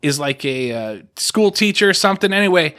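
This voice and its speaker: A young man with a bright, forceful voice, spinning an animated story on a casual podcast. He jokes and boasts as he goes, and his pitch sits a little on the high side for a man. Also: fairly quick. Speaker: podcast co-host. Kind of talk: casual chat.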